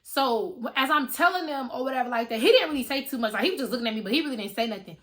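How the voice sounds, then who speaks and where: Bright-voiced woman telling a story. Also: high voice, rapid-fire. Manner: animated, slangy and profane, addressing viewers directly. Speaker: storytime vlogger. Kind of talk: casual storytelling to camera.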